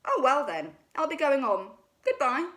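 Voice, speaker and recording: A woman's voice: high voice, very animated, a little slow, a bit bright, voice pushed up, full character voice. A woman voicing a plump, hungry male teddy bear who sounds anxious and plaintive in a storybook reading. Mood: fretful.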